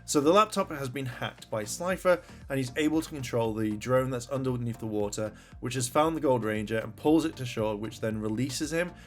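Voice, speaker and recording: Guy rambling about an episode, mid pitch, faint music behind, drops the odd swear. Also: normal speed, few pauses. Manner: rambling retelling, swears when annoyed. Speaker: TV episode reviewer. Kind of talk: casual review chat.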